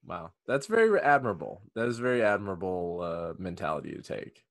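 A man's voice: low-pitched, big pitch swings, fairly quick, a bit bright. A man interviewing a guest in mock-earnest fashion in an improv comedy bit.

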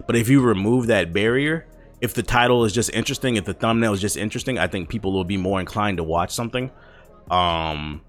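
A grown man ranting loudly and profanely, scolding his audience with emphatic repetition. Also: on the low side, brisk, faint music behind. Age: adult. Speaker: vlogger. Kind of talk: profane comedic rant.

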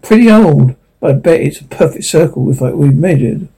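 A man voicing a lanky, cautious male starship pilot who speaks in a measured way. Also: a little high, expressive, creaky, warm tone, slightly rough, full character voice, poor audio.

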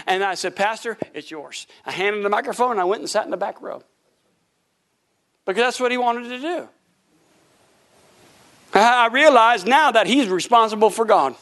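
A middle-aged male preacher with a fairly high voice, telling his story in an animated sermon. He acts out the voices of other people and laughs often as he goes. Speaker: pastor.

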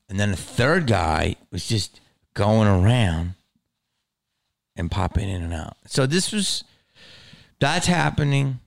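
A man hosting his own podcast, rambling in a casual, profane monologue that swings from mumbles to loud outbursts. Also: lowish voice, expressive, slow, creaky, pauses often, dry recording, clean studio sound. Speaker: podcast host.

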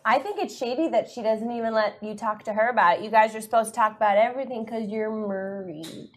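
A woman's voice: fairly high pitch, brisk. Casual, teasing woman player. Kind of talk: actual-play tabletop role-play.

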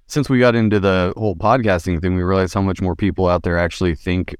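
A man's voice: low voice, steady tone, quick pace, clear, resonant tone, dry recording, clean studio sound. A man from Northern California, a podcast host, chatting casually with guests and joking and swearing. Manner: laid-back, swearing, joking.

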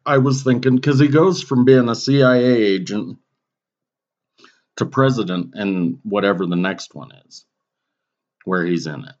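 A man's voice: lowish voice, measured pace, pauses often, darkish tone. A man co-hosting a podcast in casual chat, offhand and laid-back, swearing now and then. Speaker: podcast co-host. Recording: dull lo-fi sound.

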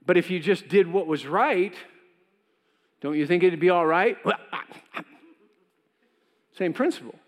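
Man, pastor, sermon, conversational, acts out voices, higher pitch, echoing church hall. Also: unhurried, long pauses. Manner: conversational preaching, acts out voices of God and Cain.

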